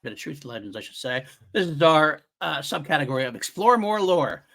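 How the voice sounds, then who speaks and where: A man's voice: on the high side, animated, a little fast, vocal fry, fairly bright tone. A man co-hosting a fan podcast, talking eagerly in casual chat and laughing while he retells scenes. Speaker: podcast co-host.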